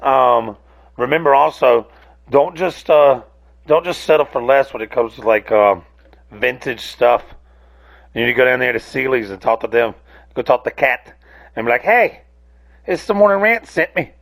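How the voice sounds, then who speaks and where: A man's voice: mid-range voice, steady tone, moderate pace, vocal fry. A man hosting a casual solo rant podcast, rambling and cursing freely, often breaking off mid-sentence. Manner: rambling, profane, self-interrupting. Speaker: podcast host.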